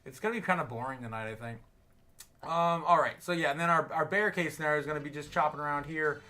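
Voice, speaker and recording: Fairly high-pitched, quick, bright, and forceful, this American man's voice carries his livestream of casual market commentary. He's a bit tipsy and rambles with many fillers and restarts.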